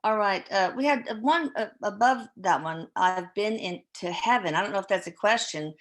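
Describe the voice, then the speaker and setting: A woman hosting a live podcast who reads viewer questions aloud in a relaxed, chatty way and stumbles over names. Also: mid-range voice, normal speed. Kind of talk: casual live-stream chat.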